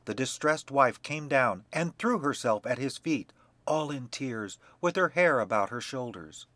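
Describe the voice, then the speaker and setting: A man narrating a fairy tale for young children in a measured, expressive reading. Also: mid-range voice, no echo. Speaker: storyteller.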